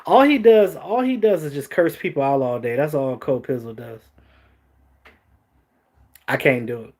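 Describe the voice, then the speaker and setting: A man hosting a casual sports talk stream, animated, joking and swearing as he reacts to chat. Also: mid-range voice, normal speed. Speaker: host.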